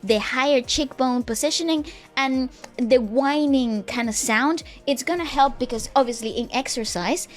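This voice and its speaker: A woman reacting to a song in a casual chat, effusive and then explaining vocal technique calmly, with music faintly behind. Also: high voice, moderate pace, hardly any pauses.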